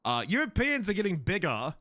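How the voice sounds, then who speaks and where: A man's voice: high voice, wildly swooping pitch, brisk, fairly bright tone, dry recording, clean studio sound. A man streaming a game role-play and chatting to viewers, swearing, laughing and rambling.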